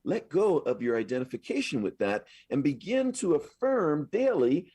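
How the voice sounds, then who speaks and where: A man delivers a sermon in a husky voice whose pitch rises and falls with lively swings. He preaches in a chatty, affirming manner and circles back to repeat his points. The sound is dry and close, with little room echo. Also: normal speed, hardly any pauses. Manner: affirming, repetitive, conversational preaching. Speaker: minister. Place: live service at a spiritual center.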